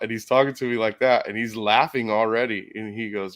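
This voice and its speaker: A man's voice: fairly low pitch, fairly even intonation, fast, hardly any pauses. A man with a Southern US accent hosting a casual live stream from his workshop, telling stories with lots of cursing and laughter. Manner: profane, laughing storyteller. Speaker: shop host.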